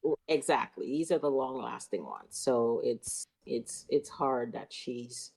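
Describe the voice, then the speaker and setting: A woman's voice: extremely low pitch, lively intonation, unhurried, creaky, darkish tone, breathy edge. A woman co-hosting a podcast in casual chat, agreeing readily and showing her feelings about the story. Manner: agreeable, emotional, backchannels often. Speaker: podcast co-host.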